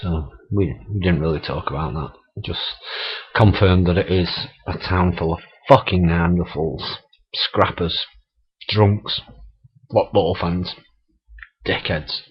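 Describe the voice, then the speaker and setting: This vlogger's voice is deep and husky, and he takes things slowly. He's a middle-aged man spinning casual stories in a laughing, swear-filled monologue, recorded with dull lo-fi camera sound.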